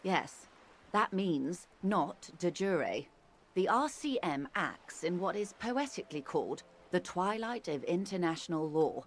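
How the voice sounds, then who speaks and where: A worldly older woman from a video game, speaking in a measured, arch tone laced with dry irony. Her voice sits a little low, with faint noise underneath. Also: lively intonation. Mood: wry. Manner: arch, measured, dryly ironic.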